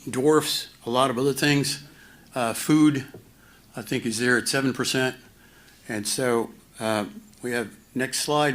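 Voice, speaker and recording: A man presenting finance slides at a community town hall, halting with many fillers and restarts and a dry, self-mocking humor. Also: medium pitch, fairly bright tone.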